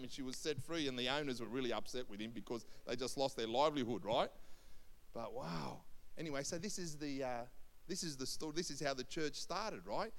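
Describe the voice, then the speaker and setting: A senior pastor tells a Bible story in a sermon, animatedly acting out the voices of the people in it. His voice is on the high side at a normal speed, recorded in a church hall with long hall reverb.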